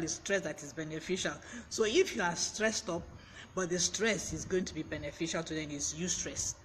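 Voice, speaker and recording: A man's voice: fairly high pitch, moderate pace, fairly bright tone, a little hiss or hum. A man hosting a live vocabulary lesson, explaining words and spelling them out letter by letter as he greets viewers. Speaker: host teaching vocabulary.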